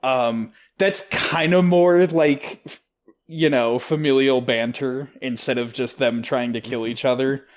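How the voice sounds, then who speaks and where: A man's voice: medium pitch, steady tone, a little slow. A man co-hosting a casual podcast, rambling about a video game with lots of filler words. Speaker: podcast co-host.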